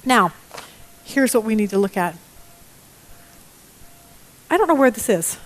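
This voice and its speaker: A middle-aged woman teaching a Bible study lesson in a lively, expressive way, with joking asides. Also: a little high, a little slow.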